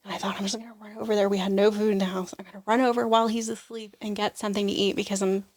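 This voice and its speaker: A woman's voice: mid-range voice, level tone, rapid-fire. A young adult woman giving an emotional personal testimony as a podcast guest, acting out what people said and leaning on "like" a lot. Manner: emotional storytelling, acts out quoted voices, frequent "like".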